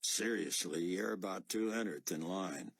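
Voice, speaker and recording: A man's voice: low voice, measured pace, creaky, breathy edge, dry recording, full character voice. A man voicing a lazy, dismissive male desk officer with an offhand drawl. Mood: bored.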